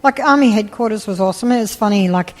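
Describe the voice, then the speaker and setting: An Australian woman in her forties, an army veteran, telling stories in a casual, animated way during an interview. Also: medium pitch, fast. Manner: chatty, animated storyteller, laughs easily. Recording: roomy with long reverb.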